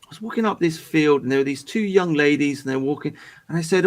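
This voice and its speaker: A man's voice: a little high, brisk. Rambling, swearing man. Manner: rambling, repeats himself, swears a lot. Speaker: stream co-host. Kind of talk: casual chat.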